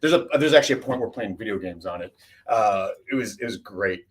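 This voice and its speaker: A man's voice: on the low side, animated, brisk. A man, an actor guesting on a livestream, chatting casually and rambling through his answers. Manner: rambling, lots of fillers and restarts. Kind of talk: casual chat.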